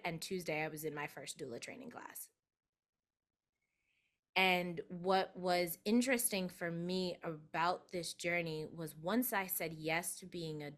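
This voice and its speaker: Woman doula guest, lively storyteller, bright and forceful tone. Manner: animated, acts out quoted voices with big pitch jumps. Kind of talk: storytelling in an interview.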